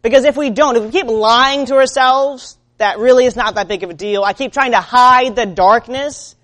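A woman preaching a sermon in an earnest way. She moves between loud urging and quiet, low-spoken lines. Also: moderate pace.

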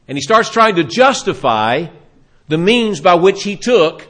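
A man delivering a sermon in a fairly high voice. He retells scripture stories with drama and briefly acts out the people in them. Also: lively intonation, unhurried, fairly bright tone. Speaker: preacher.

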